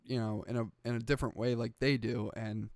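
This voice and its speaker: A man's voice: medium pitch, level tone, brisk, gravelly, no echo, studio quality. A man co-hosting a podcast, telling stories in rambling casual chat full of filler words and swearing. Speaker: podcast co-host.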